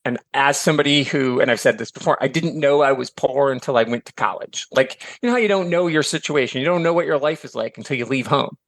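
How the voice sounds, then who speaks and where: A middle-aged man from Michigan chatting as a podcast guest, animated and filler-heavy, slipping into voices for quotes. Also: mid-range voice, fast talker, few pauses, dry recording. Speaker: podcast guest, author and educator. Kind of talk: casual chat.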